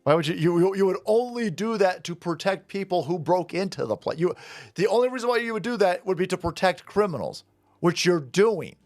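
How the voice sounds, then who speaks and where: Male vlog commentator, sarcastic and indignant, fairly high voice, very animated delivery. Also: brisk, dry recording, soft background music. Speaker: political commentator.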